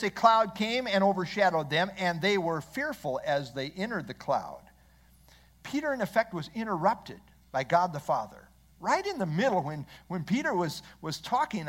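A man preaching an expository sermon, measured and earnest, leaning on key phrases for emphasis. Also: high-pitched, a bit bright. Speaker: pastor.

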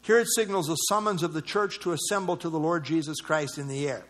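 Higher-voiced man teaching a Bible study. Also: fairly quick, a bit bright. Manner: conversational, explanatory, with fillers and restarts.

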